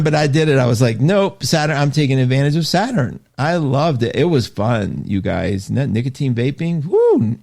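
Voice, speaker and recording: A middle-aged man hosting an astrology show, chatting casually and reading out viewer comments with lively swoops of pitch and frequent laughs.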